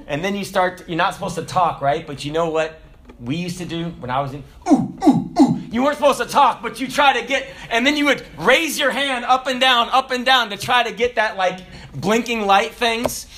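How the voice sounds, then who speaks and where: A man in his forties preaching a sermon, swinging between shouted declarations and low, quiet asides. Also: fairly quick. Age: 40s. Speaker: pastor.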